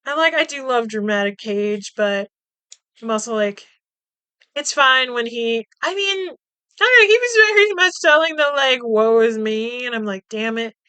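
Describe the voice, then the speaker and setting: A woman's voice: high voice, expressive, moderate pace, pushed and bright, clear, resonant tone, dry recording. A woman podcast host casually recapping a movie, chatty and swearing, laughing as she acts out the characters' lines.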